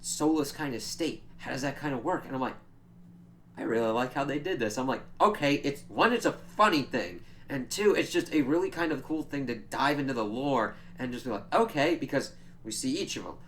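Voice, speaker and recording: A man's voice: mid-range voice, lively intonation, fairly quick, a little hiss or hum. A man giving a casual, chatty spoiler recap of a TV episode, swearing freely and laughing as he retells scenes. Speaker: show reviewer.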